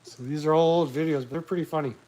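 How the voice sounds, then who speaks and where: Speaking fast in a fairly high, warm voice with a steady tone, a man hosts a casual live talk stream from home on his laptop. He rambles, gets crude and mocks himself, and the recording quality is low.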